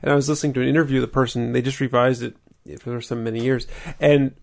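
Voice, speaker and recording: A man with a gravelly, fry-laden voice. He talks in a chatty, easygoing way and asks questions. His pitch is average. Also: steady tone, fast. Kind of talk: casual chat.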